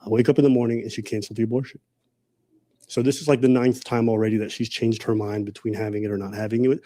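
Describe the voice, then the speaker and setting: A man's voice: fairly low pitch, level tone, fast talker, mellow, no echo. A man telling a personal story with an earnest, strained delivery. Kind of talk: personal account.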